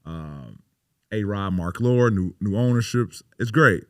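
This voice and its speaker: A man's voice: on the low side, animated, a little slow, no echo, clean studio sound. A man in his thirties, a pro basketball player guesting on a podcast, telling stories in a casual, emphatic way with lots of swearing and "you know" fillers. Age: 30s. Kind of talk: casual interview storytelling.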